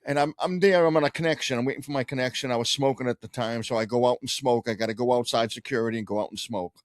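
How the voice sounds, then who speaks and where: A man with a middle-pitched voice tells sports fan stories with lively energy, swearing freely and laughing as he goes. The recording is dry and close to the mic. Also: rapid-fire, no room sound. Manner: animated storyteller, profane, laughs often. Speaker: podcast co-host. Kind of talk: casual sports chat.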